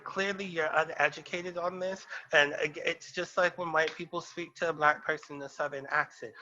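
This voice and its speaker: A man's voice: a little high, sharp tone, dull audio. A man co-hosting a casual podcast chat, ranting in a sassy, emphatic way. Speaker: podcast co-host.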